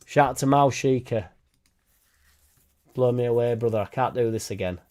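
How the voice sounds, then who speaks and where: A man's voice: mid-range voice, normal speed, darkish tone. A young man hosting a football fan live stream, talking in a blunt, sweary, rambling way. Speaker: football fan channel host. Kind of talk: casual live-stream chat.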